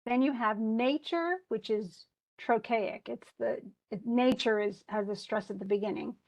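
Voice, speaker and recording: Middle-aged woman, classroom teacher, slightly high voice, chatty, thinks aloud. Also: measured pace, few pauses, darkish tone, muffled recording. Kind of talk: classroom lesson on poetry meter.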